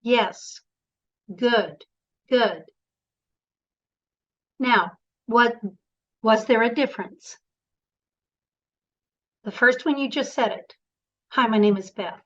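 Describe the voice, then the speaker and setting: A woman's voice: a little high, takes it slowly, pauses often, fairly bright tone, highs cut off. A woman coaching presenters in an online workshop, encouraging and directive, speaking over a video call.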